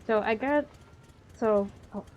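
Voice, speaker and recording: A woman talks casually over her gameplay, wandering from thought to thought with plenty of hesitations. Her voice sits a little high. The recording is dull and lo-fi, with a faint noise underneath. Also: takes it slowly. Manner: rambling, hesitant with frequent ums. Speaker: game streamer.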